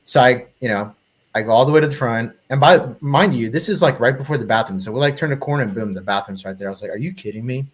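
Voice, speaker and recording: Animated profane storyteller man. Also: medium pitch, quick pace. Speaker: panelist. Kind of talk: casual podcast chat.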